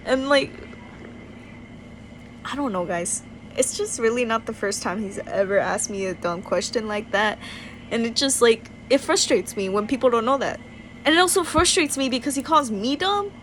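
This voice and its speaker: A woman's voice: high voice, expressive, moderate pace, slight background noise, rough recording. A young woman ranting casually into her phone in an exasperated, incredulous way, full of "like". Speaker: vlogger.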